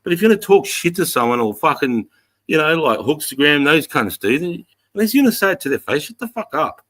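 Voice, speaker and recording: A man's voice: a little high, big pitch swings, a little fast, a bit bright. A middle-aged man with an Australian accent, chatting on a livestream in a blunt, heavily profane way. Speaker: livestream host. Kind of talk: casual livestream chat to viewers.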